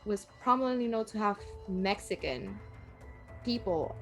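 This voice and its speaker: Woman from Puerto Rico, casual guest chat, mid-pitched voice, faint music behind. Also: very animated, unhurried.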